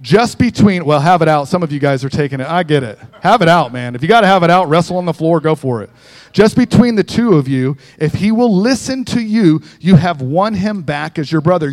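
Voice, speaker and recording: A man preaching a sermon as a guest speaker in a church, conversational and joking, often checking in with the congregation. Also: sits high. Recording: long echo of a large hall.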